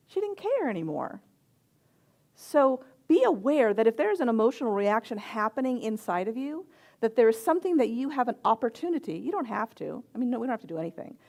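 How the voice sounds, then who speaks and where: A middle-aged woman, a reverend and chaplain, giving a sermon with personal stories in a gentle, reflective voice with soft pauses. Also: fairly high pitch.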